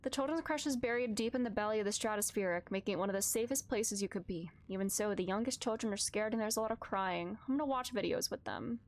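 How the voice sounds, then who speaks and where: A woman streamer reading a narrative game aloud and reacting live, moving from calm reading to loud, distressed outbursts. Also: medium pitch, fast, hardly any pauses.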